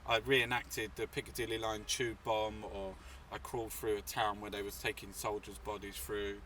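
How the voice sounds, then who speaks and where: A man's voice: lowish voice, level tone, moderate pace, bright, forceful tone, far from the mic, a little hiss or hum. Rambling, swearing man from England. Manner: rambling, swearing, full of fillers. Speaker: artist and activist guest. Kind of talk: casual storytelling interview.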